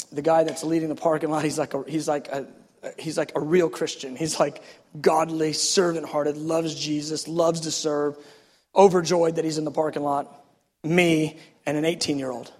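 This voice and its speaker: A man preaching a sermon, telling a personal story in an animated, self-deprecating way. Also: fairly high pitch. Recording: echoey hall reverb.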